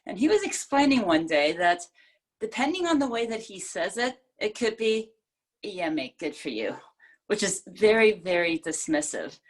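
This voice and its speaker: A woman's voice: medium pitch, normal speed. A woman giving a prepared club speech over a video call, talking expressively and playing with which words she stresses. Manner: expressive, demonstrates emphasis by changing stress. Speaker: speech presenter.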